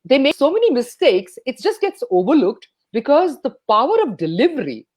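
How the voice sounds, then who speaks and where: A woman talks as a guest about public speaking. Her pitch swings widely, high then low, as she plays up rhythm and pauses. She speaks like a trained radio voice. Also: sing-song, darkish tone. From India. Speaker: guest, speech coach and radio jockey. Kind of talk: enthusiastic interview talk.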